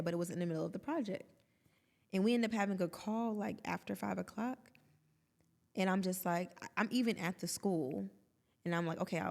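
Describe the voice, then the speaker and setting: Woman, candid podcast chat, gravelly voice, lowish pitch. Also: long reverb tail. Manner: open and expressive, with quoted asides and laughter. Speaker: podcast co-host.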